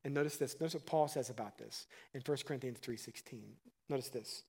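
A man preaching a sermon as pastor, conversational and animated, swinging from loud emphasis to quiet. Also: medium pitch, a little fast, vocal fry, slightly rough.

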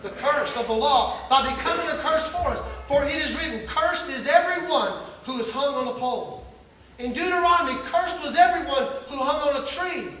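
A male pastor preaching a sermon with passion, building to near-shouts and dropping to hushed asides. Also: very high voice, moderate pace, slight background noise. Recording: echoey hall, heard from a distance.

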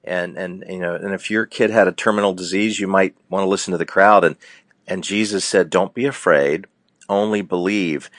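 A middle-aged man, a counselor, talking earnestly in a preacher-like way, slowing down and speeding up for emphasis. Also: low voice, fairly even intonation, no echo, studio quality. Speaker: counselor, show guest. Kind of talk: casual faith-based talk.

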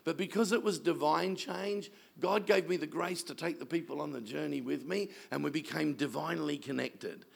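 A man's voice: on the high side, normal speed, vocal fry, few pauses. A man, a pastor telling stories in a sermon and mimicking the people he quotes. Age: 60s. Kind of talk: sermon storytelling.

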